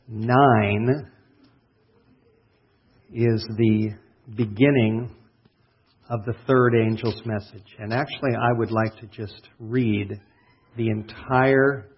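Slow, husky-voiced preacher man. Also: mid-range voice, steady tone. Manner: deliberate, stretches out key words; asks the congregation questions and answers them. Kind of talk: sermon with prayer and scripture reading. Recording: dull, lo-fi sermon recording.

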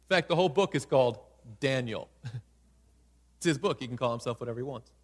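A man preaching a sermon with animated storytelling and playful asides. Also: mid-range voice, fairly quick. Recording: long hall reverb.

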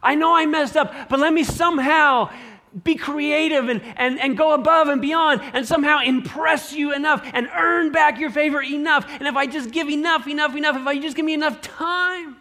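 A man's voice: very high voice, steady tone, moderate pace, bright, forceful tone, voice pushed up. A man voicing a desperate, blubbering servant who grovels and begs for more time. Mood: pleading. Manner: pleading, blubbering, breathless promises.

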